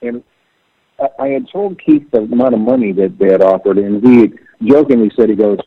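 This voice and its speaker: A middle-aged man tells his stories with lively swings in pitch, jumping into the voices of the people he quotes. His voice is gravelly and a bit husky. It comes through a narrow, tinny phone line with a dry sound. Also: brisk, no echo. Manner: animated, acts out quoted voices. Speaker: musician guest. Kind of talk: storytelling interview over the phone.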